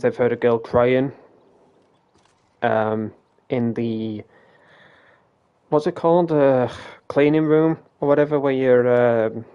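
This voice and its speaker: A man's voice: medium pitch, a little mellow, muffled recording. A man casually telling a ghost story during a game stream, rambling, swearing freely and acting out what people said. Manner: rambling, swears freely, retells quoted dialogue.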